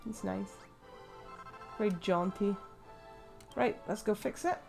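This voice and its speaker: A woman's voice: medium pitch, takes it slowly, creaky, darkish tone, faint music behind. An English woman giving casual, rambling commentary while playing a video game. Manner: chatty, rambling, many fillers and laughs. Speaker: let's play host.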